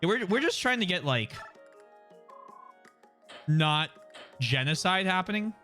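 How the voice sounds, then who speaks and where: A man's voice: high voice, big pitch swings, unhurried, pushed and bright, faint music behind. A young man streaming a game, casually chatting with viewers and reading the dialogue aloud. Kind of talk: casual gameplay commentary.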